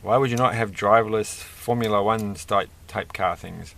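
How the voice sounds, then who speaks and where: A man's voice: fairly low pitch, moderate pace, vocal fry, a bit bright, slight background noise. A man hosting a casual toy-building video, rambling and chatty with self-deprecating asides. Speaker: host.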